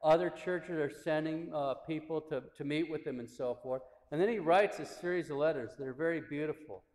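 A priest giving a sermon and reading excerpts, with a measured, reverent delivery and small restarts. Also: male voice, a little high, darkish tone. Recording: roomy church with long reverb.

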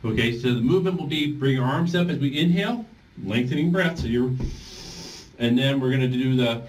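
A voice therapy instructor with a medium-pitched, slightly mellow voice leads a group class at a fairly quick pace. He coaches step by step and sings vowel exercises as demonstrations, picked up by a distant mic with faint background noise.

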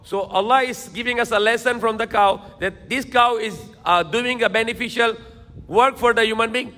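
A man's voice: very high-pitched, normal speed, pushed and bright, long reverb tail. A man preaching a sermon lecture in emphatic, repetitive phrases, now and then switching into Tagalog. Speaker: Islamic preacher.

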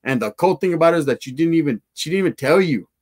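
A man's voice: a little high, animated, fast talker, a little mellow. A man telling a profane, slangy street story to his live chat.

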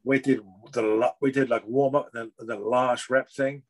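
A middle-aged man from England, chatting as a guest in a lively, animated way, swearing freely and acting out gym conversations. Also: medium pitch, moderate pace, low-quality recording. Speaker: guest artist. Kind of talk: casual chat.

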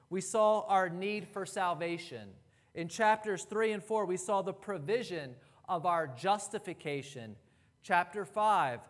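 High-voiced preaching man, echoing church. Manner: emphatic preaching with pauses and repeated phrases. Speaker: pastor. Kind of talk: sermon. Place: church sanctuary.

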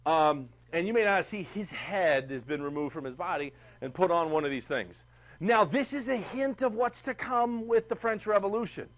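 A man teaching a history class, chatty and animated, asking the class questions. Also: high voice, normal speed. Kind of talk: classroom lecture.

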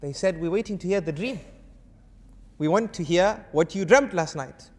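A man preaching to an audience, telling a story and acting out its dialogue with animated shifts of voice. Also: high voice, normal speed, long reverb tail. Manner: urges the audience to answer. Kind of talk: storytelling sermon.

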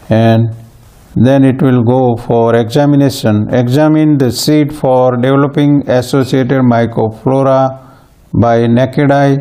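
A man giving a plant pathology lecture, slow and halting, with frequent fillers and restarts. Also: medium pitch, mellow. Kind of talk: recorded university lecture.

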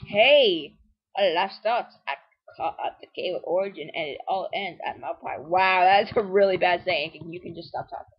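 A woman's voice: on the low side, moderate pace, breathy edge, lo-fi sound. A woman giving rambling, casual commentary while playing a video game and talking back at it. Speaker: let's play host.

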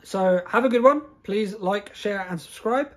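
High-voiced man mumbling a recap. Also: measured pace. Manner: stumbling over words, restarting names. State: recovering from illness, mumbling. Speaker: wrestling podcast host. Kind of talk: solo show recap podcast.

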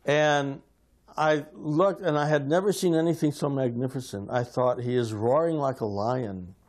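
Guy telling stories from way back, does the voices, medium pitch. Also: normal speed. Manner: animated, acts out quoted voices. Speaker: devotee sharing memories. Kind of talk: anecdotal storytelling.

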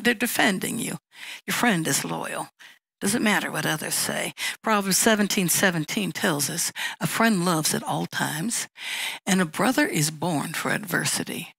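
Gravelly woman pastor preaching. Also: fairly low pitch, lively intonation, a little slow, a bit bright, no room sound, poor audio. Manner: conversational teaching, reads scripture aloud, acts out little dialogues. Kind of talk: sermon.

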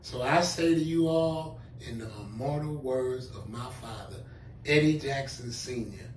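A man's voice: mid-range voice, a little slow, a little hiss or hum. A man hosting his own channel, making an emphatic, preachy appeal and hammering his points again and again. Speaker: channel host. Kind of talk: direct-to-camera commentary. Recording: roomy, mic at a distance.

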